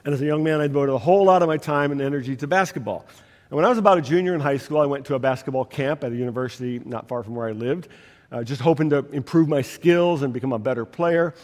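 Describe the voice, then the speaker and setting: A man's voice: medium pitch, darkish tone. A man preaching a sermon, telling stories with emphatic, rising delivery. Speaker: pastor. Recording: long hall reverb.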